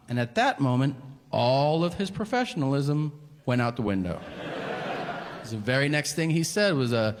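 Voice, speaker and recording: A man doing stand-up comedy on a stage with a handheld mic, telling a story deadpan and adding wry, self-mocking asides. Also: medium pitch, moderate pace, noisy background. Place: comedy stage before a live audience. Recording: long hall reverb with clear room ambience.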